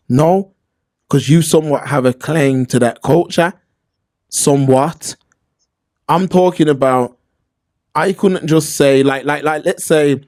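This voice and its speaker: A man's voice: mid-range voice, darkish tone, no room sound, studio quality. A man co-hosting a casual talk show, telling stories animatedly and acting out the voices he quotes. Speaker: podcast co-host. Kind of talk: casual discussion.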